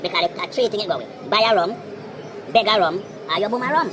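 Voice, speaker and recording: Woman spinning a silly riddle, lively voice, crowd noise all round. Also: mid-range voice, fast talker. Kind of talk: joking street chat. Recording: noisy crowd around.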